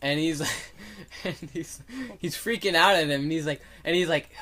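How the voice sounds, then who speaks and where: A young man co-hosting a casual podcast, his voice bright and sitting a bit high. He rambles through an anecdote with plenty of fillers and slips into animated impressions of the people in it. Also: moderate pace. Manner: rambling, filler-heavy, acts out quotes animatedly. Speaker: podcast co-host. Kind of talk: casual storytelling chat.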